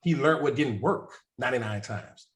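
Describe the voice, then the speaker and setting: A man's voice: mid-range voice, normal speed. A man who coaches real estate investing, telling candid stories with a loose, self-mocking manner and frequent laughter on a group video call. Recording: roomy echo.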